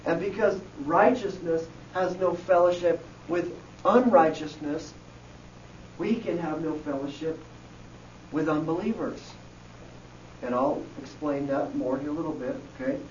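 A man teaching a Bible lesson to a group, slowly going over each word and checking in with "okay?" as he goes. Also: fairly high pitch, a little hiss or hum. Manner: slow, repeats key words and checks in with "okay?". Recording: echoey, distant, dull room recording.

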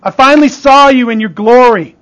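Preacher doing repentant ancient sufferer, earnest, pleading, high man's voice. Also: fairly quick, a bit bright, lo-fi sound.

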